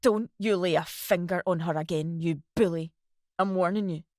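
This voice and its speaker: A woman's voice: lowish voice, normal speed, a little mellow, dry recording, clean studio sound, natural voice. A woman voicing a young lieutenant who speaks hard and firm, keeping control.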